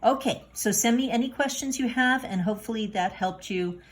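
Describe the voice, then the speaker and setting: A woman's voice: fairly high pitch, a little fast. A woman teaching a recorded grammar lesson, patient and encouraging, with many fillers and restarts. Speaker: Spanish teacher.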